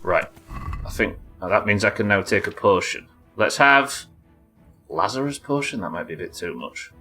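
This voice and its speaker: A man's voice: expressive, moderate pace, bright, forceful tone, soft background music. A man streaming a game live, chatting casually and swearing, yelping in tense fights. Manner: casual, profane, jokey; yelps high in tense fights. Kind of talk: live gameplay commentary.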